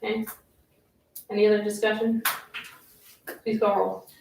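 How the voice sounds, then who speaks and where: Captured by a distant mic in an echoey township meeting room, this businesslike woman supervisor reads figures and motions while chairing the board meeting. She speaks at a medium pitch with a level, unhurried, creaky tone, and the background is noisy.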